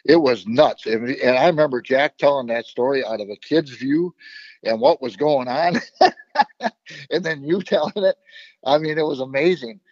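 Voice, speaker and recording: A man who founded a nonprofit speaks in a relaxed, halting way, often pausing on "uh". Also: medium pitch, dry recording. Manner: relaxed, hesitant, with frequent uh fillers. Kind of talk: casual conversation. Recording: dry, dull lo-fi sound.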